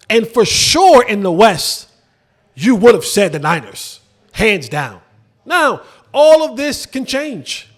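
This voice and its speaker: A man hosting a sports show, talking casually about football with lively swings and rhetorical questions to viewers. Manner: animated, drops to low emphatic asides, rhetorical questions to viewers. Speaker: sports podcast host. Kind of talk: casual football commentary to camera.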